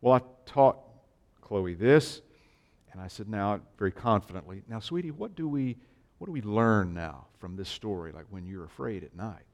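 A man with a lowish voice preaches to a gathered congregation. He tells stories from family life in a relaxed, conversational way with gentle self-deprecating humor before moving into scripture. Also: moderate pace. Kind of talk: sermon.

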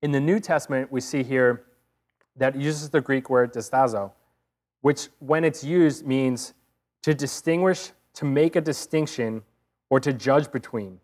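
A man's voice: medium pitch, unhurried, darkish tone. A man preaching a sermon, retelling a story vividly and earnestly with rhetorical questions.

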